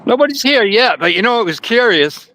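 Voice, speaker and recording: A man's voice: very high-pitched, sing-song, a little fast, bright, forceful tone. A man chatting casually on a live stream from outside a courthouse, speculating with trailing asides. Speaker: on-site reporter at courthouse.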